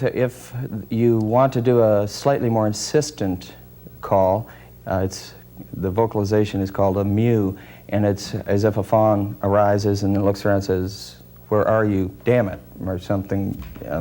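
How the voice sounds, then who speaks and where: A man being interviewed as a deer calling expert, explaining in a measured, technical way with frequent pauses and hesitations. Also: on the low side, little pitch movement, warm tone.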